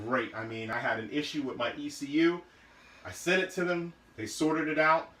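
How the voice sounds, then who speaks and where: A man's voice: fairly high pitch, fairly even intonation, normal speed, pushed and bright, roomy sound, rough recording. A man casually showing car parts in his garage, talking loosely with many fillers and restarts. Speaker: car build vlogger.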